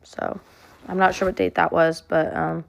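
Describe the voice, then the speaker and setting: Young female creator, low and fry-heavy, deadpan monotone, halting personal storytelling. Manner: monotone, flat delivery; halting, with many fillers and restarts. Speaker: social media creator.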